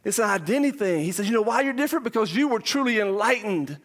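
Man preaching, very high voice, near screaming, sudden low drops, verse-by-verse sermon. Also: animated, quick pace, a bit bright. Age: young adult or middle-aged parent. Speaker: pastor.

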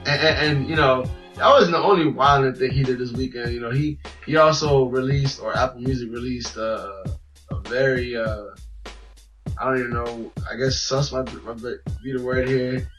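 A man's voice: medium pitch, moderate pace, far from the mic, over music, low-quality recording. A man co-hosting a casual podcast, talking loosely and profanely and telling stories with animation. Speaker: podcast co-host.

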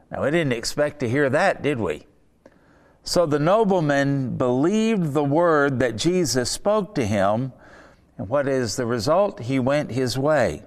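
A man preaching a sermon in a slow, deliberate, emphatic way, with pauses between his phrases. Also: mid-range voice, animated. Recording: long reverb of a large hall.

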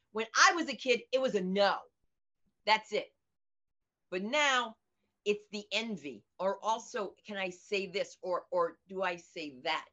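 A middle-aged American woman comedian and teacher, telling stories in an animated, outspoken way during an interview. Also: medium pitch. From United States. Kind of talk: conversational interview over video. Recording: dull lo-fi audio.

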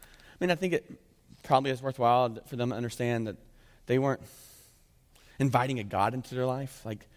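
A man in his thirties, a pastor giving a casual, joking sermon and often checking in with "right?". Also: medium pitch. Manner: conversational and jokey, keeps asking "right?". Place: church sanctuary. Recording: echoey church hall.

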